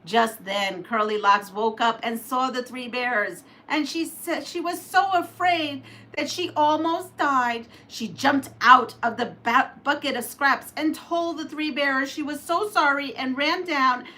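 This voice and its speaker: A woman hosting a quilting livestream, reading out a homemade story and chatting with viewers, animated and laughing at her slips. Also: sits high, measured pace, hardly any pauses. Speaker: quilting channel host.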